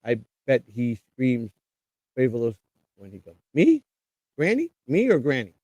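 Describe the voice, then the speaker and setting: A man's voice: medium pitch, huge pitch swings, normal speed, darkish tone, breathy edge, no room sound, lo-fi sound. A man hosting a live stream, reading viewers' comments aloud and answering them in a rambling, blunt way, with some swearing. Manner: blunt street-tough talk with swearing. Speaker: livestream host. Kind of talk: casual live chat reading.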